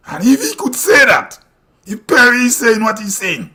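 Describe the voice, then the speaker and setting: High-pitched Grenadian man ranting live. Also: sing-song, normal speed, sharp tone. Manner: blunt, ranting, rhetorical questions. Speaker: livestream host. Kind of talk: opinionated live commentary. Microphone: streaming mic.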